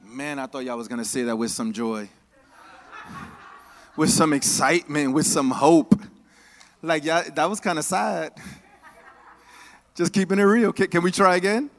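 High-voiced animated male preacher. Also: a little slow, long pauses. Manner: animated, call-and-response with the congregation; casual, joking asides. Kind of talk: sermon. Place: church.

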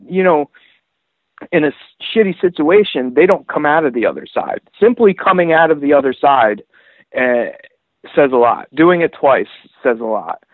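A man hosting a casual chat about fights, animated and profane, rambling through asides. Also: fairly high pitch, no room sound. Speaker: podcast host. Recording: tinny phone-like dry sound.

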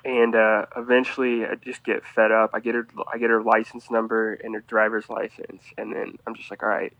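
A man telling a rambling, animated story as a guest on a casual podcast, often restarting his sentences. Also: lowish voice, brisk, no echo, muffled recording.

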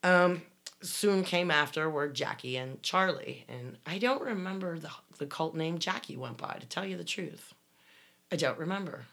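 Woman, deep voice, casual storytelling, rambling restarts. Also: normal speed, vocal fry, fairly bright tone. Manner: rambling, many restarts, laughs while telling. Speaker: guest recounting life in a commune.

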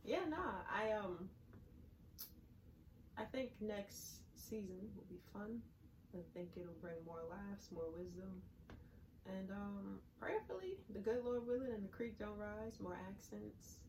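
A woman's voice: mid-range voice, takes it slowly, far from the mic. A young woman with a Southern accent co-hosts a podcast in easygoing, playful chat. She is recorded a little away from the mic in an echoey room, with a faint hiss underneath. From American South. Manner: laid-back, playful. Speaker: podcast co-host. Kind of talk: casual chat.

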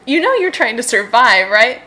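A woman's voice: fairly high pitch, sharp tone. A young woman hosting and narrating a choose-your-own-adventure game, playful and laughing often. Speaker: host and story narrator.

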